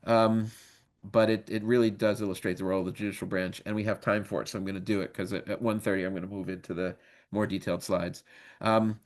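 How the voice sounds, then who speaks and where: A man's voice: fairly low pitch, little pitch movement, fast talker. A man in his fifties who has worked as a lawyer, giving a casual, joking training webinar lecture with many ums. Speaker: legal trainer.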